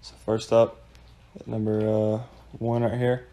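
A man's voice: lowish voice, monotone, measured pace, dark tone. A man casually introducing his cats for a home video in a laid-back, drawling way. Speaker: pet owner.

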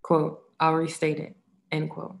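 A woman reading a nonfiction book aloud in a measured way, saying the quote marks out loud. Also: low-pitched, monotone, gravelly. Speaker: audiobook reader.

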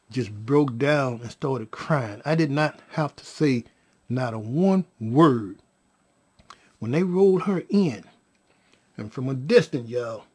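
Husky, slow-talking storyteller man. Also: medium pitch. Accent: Californian. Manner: animated storytelling, slangy, addresses listeners as y'all. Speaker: vlogger telling his own story. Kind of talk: emotional personal storytelling.

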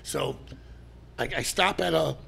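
A middle-aged man, a podcast guest telling stories in a loud, animated way and swearing freely. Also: on the high side, measured pace, slight background noise. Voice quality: gravelly, animated, swears a lot and shouts during stories. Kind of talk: casual storytelling.

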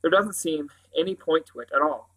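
A man reading aloud, voicing a brisk, firm middle-aged father who gives commands. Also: on the high side, fairly bright tone, poor audio.

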